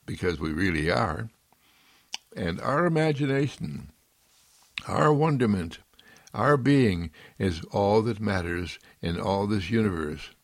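A man giving a gentle, repetitive, affirming inspirational sermon. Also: fairly low pitch, creaky, dry recording, clean studio sound.

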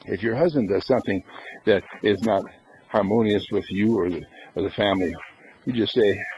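A man's voice: fairly low pitch, normal speed, a little mellow, muffled recording. A man giving an inspirational spiritual talk, who asks rhetorical questions and answers them himself. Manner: acts out little scenes in everyday voices. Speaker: spiritual lecturer.

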